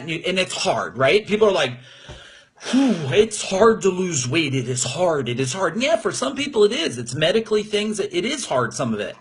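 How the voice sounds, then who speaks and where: Husky, high-pitched motivational coach man. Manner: energetic, emphatic, gets emotional. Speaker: business coach. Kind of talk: motivational livestream talk. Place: his room at home.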